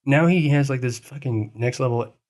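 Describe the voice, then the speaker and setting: Guy cohosting a podcast, teases his buddy, rambles and swears a lot, mid pitch. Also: normal speed, a little mellow. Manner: teasing, rambling, swears freely. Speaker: podcast co-host. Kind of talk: casual chat.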